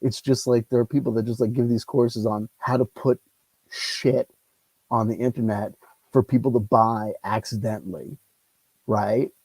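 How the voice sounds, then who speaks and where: A man's voice: mid-range voice, steady tone, moderate pace, a little mellow, breathy edge, no echo, poor audio. Rambling, ranty man on a lapel mic. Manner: rambling, ranty, swears freely. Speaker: solo tabletop game player and channel host. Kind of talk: casual solo game commentary.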